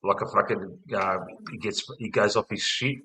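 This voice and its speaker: A man's voice: lowish voice, fairly even intonation, moderate pace, pushed and bright, slight background noise, rough recording. An Australian man hosting a casual podcast chat, rowdy and sweary, ending nearly every line with "mate". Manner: rowdy, swears a lot, ends lines with "mate". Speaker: podcast host.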